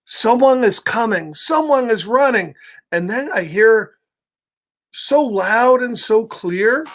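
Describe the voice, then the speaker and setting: A man's voice: extremely high pitch, animated, slow, a bit bright. A man reading a picture book aloud to children, playful and chatty, chuckling often and greeting listeners by name. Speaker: children's storytime reader.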